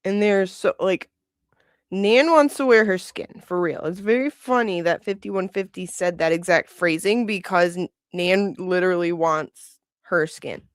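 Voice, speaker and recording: A woman's voice: on the low side, a little slow, no echo, studio quality. A woman hosting a livestream, chatting casually in a gossipy way and laughing often. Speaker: livestream host.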